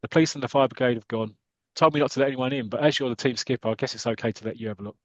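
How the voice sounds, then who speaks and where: A man's voice: mid-range voice, rapid-fire, dry recording, lo-fi sound, lightly acted. Brief: male host reading a plain-spoken old caretaker, dry close sound. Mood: obliging. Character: older male ground caretaker, plain and obliging.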